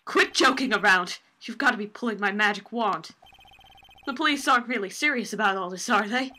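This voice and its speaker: A woman's voice: mid-range voice, a little fast, pushed and bright. A woman voicing a vain, flamboyant male circus magician in an amateur game reading, drawling and theatrical. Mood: haughty. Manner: theatrical, drawling, calls people sweetie.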